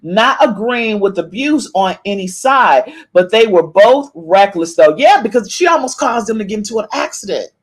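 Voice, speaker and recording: A woman's voice: mid-range voice, lively intonation, normal speed, few pauses, breathy edge. A woman hosting a casual live-stream gossip podcast, reading viewers' chat comments aloud and calling out meow to them. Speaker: podcast host.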